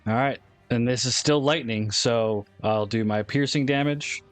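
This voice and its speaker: A man's voice: mid-range voice, measured pace, faint music behind. A man playing in a tabletop game, stating his rolls and actions in a matter-of-fact way. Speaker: player.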